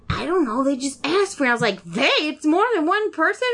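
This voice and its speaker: A woman's voice: high voice, quick pace, few pauses. A woman co-hosting a podcast, chatting casually and acting out the people in her stories. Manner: animated storyteller, acts out quoted dialogue. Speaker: podcast co-host. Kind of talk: casual chat.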